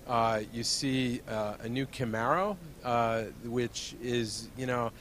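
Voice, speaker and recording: A man, an automotive editor, answering interview questions in a knowledgeable, measured way with hesitant fillers. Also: mid-range voice, a little hiss or hum. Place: busy convention hall booth.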